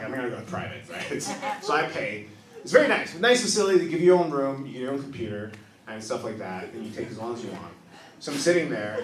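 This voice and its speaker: A man in his thirties performs a stand-up set, his fairly high voice swinging widely as he acts out quotes. He is caught a little off-mic in a roomy club, with a lively crowd laughing behind him. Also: recorded from a distance. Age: 30s. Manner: animated storytelling with acted-out quotes. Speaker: stand-up comedian. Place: comedy club stage. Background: audience laughter.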